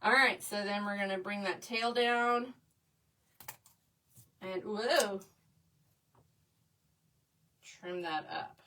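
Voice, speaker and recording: A woman's voice: medium pitch, extremely slow, pauses often, pushed and bright, recorded from a distance, a little hiss or hum. A woman teaching a craft live, bubbly and chatty as she talks with her viewers. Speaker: craft instructor. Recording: voice a bit away from the mic.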